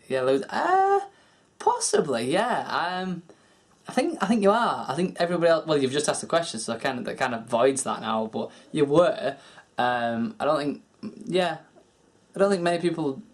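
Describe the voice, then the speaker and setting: A man's voice: fairly high pitch, sing-song, normal speed. A young man vlogging in a rambling, chatty way, answering viewer questions and swearing casually.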